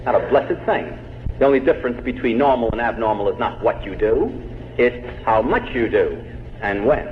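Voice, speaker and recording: A man's voice: medium pitch, lively intonation, moderate pace. A man giving a humorous public lecture to a live audience, telling jokes and putting rhetorical questions to his listeners. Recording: dull old tape in an echoey hall, faint hiss.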